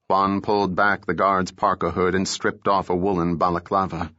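Low-voiced male audiobook narrator. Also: no room sound, lo-fi sound. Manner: steady, measured storytelling. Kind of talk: scripted narration of a thriller novel.

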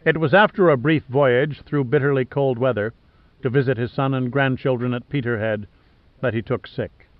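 In a dull, dry studio recording, a man with a medium-pitched voice narrates an audiobook. His storytelling is measured and even.

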